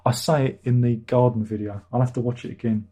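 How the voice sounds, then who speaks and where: A man's voice: medium pitch, steady tone, normal speed, dark tone. A middle-aged British man hosting a livestream, casually answering viewer chat with dry jokes and chuckles. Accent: British English. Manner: chatty, dry jokey asides, chuckles. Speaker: livestream host reading chat.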